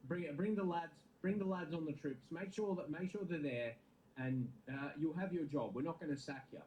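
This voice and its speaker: A man's voice: fairly high pitch, normal speed, highs cut off, a little hiss or hum, lightly acted. A man voicing a laid-back male club board member with a put-on Australian accent, matey and reassuring, repeating himself.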